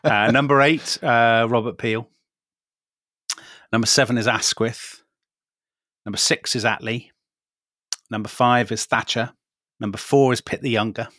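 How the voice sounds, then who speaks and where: A middle-aged man co-hosting a podcast, chatting in a measured, wry way and thinking aloud with pauses. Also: medium pitch, fairly even intonation, bright, forceful tone, dry recording, clean studio sound. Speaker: podcast co-host. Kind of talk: casual chat.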